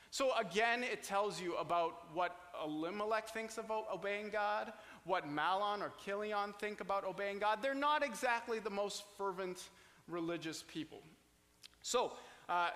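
Bright-voiced man teaching in a hall. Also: high voice. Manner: conversational, paraphrasing and explaining with asides. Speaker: Bible teacher. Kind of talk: explanatory Bible study teaching.

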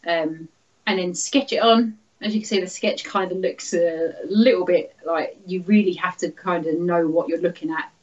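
A woman's voice: lowish voice, steady tone, moderate pace. Chatty woman, slightly muffled recording. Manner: chatty, laughs often, many fillers. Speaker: guest artist. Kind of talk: casual interview.

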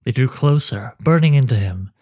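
A man narrating a dark fantasy story in a slow, measured way. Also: mid-range voice, animated.

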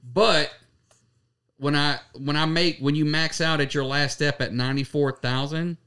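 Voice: mid-range voice, fairly even intonation, measured pace, a bit bright, clear, resonant tone. A podcast co-host chatting casually, blunt and profane, with loose rambling sentences. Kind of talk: casual chat.

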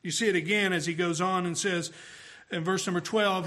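A man preaching a sermon emphatically, his voice swelling louder on key phrases. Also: high-pitched, steady tone, moderate pace.

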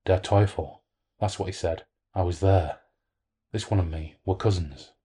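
A man's voice: low-pitched, measured pace, warm tone, slightly rough. A man reading the part of an elderly male French villager telling grave wartime and ghost stories. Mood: solemn.

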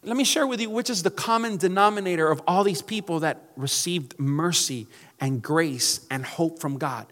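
High-voiced male pastor preaching in reverb. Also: moderate pace, a bit bright. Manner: emphatic preaching, calls to the congregation. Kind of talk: sermon.

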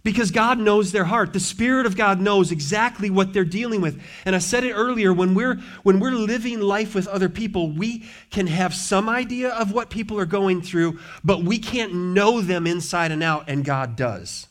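Earnest preaching man, slightly high voice. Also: normal speed, few pauses. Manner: earnest, building emphasis through repeated questions. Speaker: pastor. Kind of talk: sermon. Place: church.

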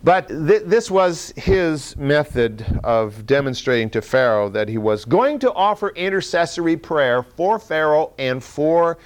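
A man preaching a sermon in a conversational way, with small laughs and restarts, swinging between loud emphasis and quiet asides. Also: on the high side, very animated, a little slow, few pauses. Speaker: pastor.

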